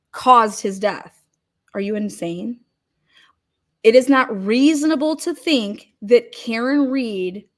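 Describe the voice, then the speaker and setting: Indignant woman commenting on a replay. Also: mid-range voice. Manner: indignant, emphatic, repeats words. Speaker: show host. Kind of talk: commentary over a replayed court recording.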